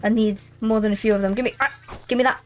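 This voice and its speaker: A woman's voice: medium pitch, fairly even intonation, fast talker, faint music behind. A young woman streaming a game, chatting as she plays and reading the game text aloud. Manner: chatty, easily distracted, reads game text.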